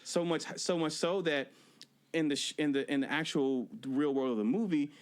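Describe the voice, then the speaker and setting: A man's voice: on the high side, normal speed. A man on a podcast casually recapping a film scene, acting out the characters' lines, laughing and swearing as he goes. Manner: animated storytelling, acts out quotes, laughs and swears. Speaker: podcast co-host reviewing movies. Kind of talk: casual movie review chat.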